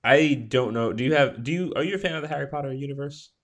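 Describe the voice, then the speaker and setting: A man's voice: mid-range voice, quick pace. A man hosting a podcast in casual chat, enthusiastic, laughing often and restarting his sentences. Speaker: podcast host.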